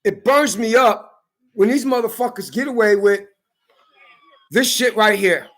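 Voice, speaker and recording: High, bright-voiced man ranting angrily. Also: unhurried. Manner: heated, profane, often shouting. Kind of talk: angry rant to camera. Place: California.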